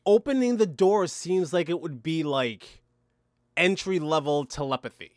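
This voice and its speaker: A man's voice: fairly high pitch, unhurried, no echo, clean studio sound. A man in casual conversation reviewing a film, ranting with disbelief. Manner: incredulous, animated ranting. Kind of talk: casual movie review chat.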